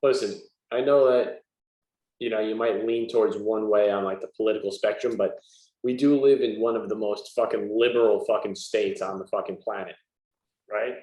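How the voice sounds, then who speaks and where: A man's voice: fairly low pitch, steady tone, moderate pace, darkish tone, echoey room. A man, co-hosting a podcast in casual chat and making his points bluntly, with a lot of swearing. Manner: blunt, profane, argumentative. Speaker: podcast co-host.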